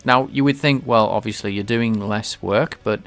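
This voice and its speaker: A man livestreaming game development, thinking aloud in a halting way with many restarts. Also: lowish voice, creaky, a bit bright, soft background music. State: sneezing, a bit stuffy. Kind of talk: casual livestream coding talk.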